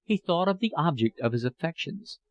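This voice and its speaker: A man reading a classic novel aloud as an audiobook narrator, with a measured, expressive delivery. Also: a little high, no room sound, dull audio.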